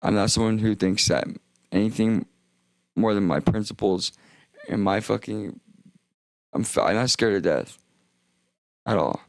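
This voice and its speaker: Deep and gravelly, thick with vocal fry, a young man rambles profanely through a livestream monologue, a little slowly and with frequent pauses, breaking off mid-sentence only to loop back. The audio is close and dry, with no sense of the room.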